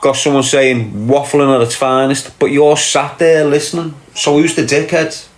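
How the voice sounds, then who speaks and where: A man's voice: mid-range voice, little pitch movement, normal speed, echoey room. A man hosting a casual livestream, answering chat comments with brash, sweary, mocking banter.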